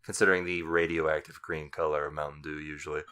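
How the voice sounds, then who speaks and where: A man co-hosting a podcast, talking in a dry, deadpan way. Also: a bass voice, quick pace, smooth. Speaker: podcast co-host. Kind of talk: casual chat.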